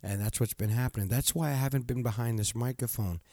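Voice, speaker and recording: A fast-talking older man with a medium-pitched voice hosts his motivational podcast solo, recorded dry on a studio microphone. The casual monologue is warm-hearted and giggly, with plenty of repeated phrases.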